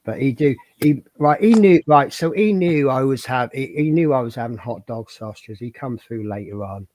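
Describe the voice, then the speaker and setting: A man's voice: mid-range voice, expressive, normal speed, a little mellow, dry recording. A man hosting a livestream, chatting casually and telling rambling anecdotes. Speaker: livestream host. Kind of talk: casual chat and storytelling.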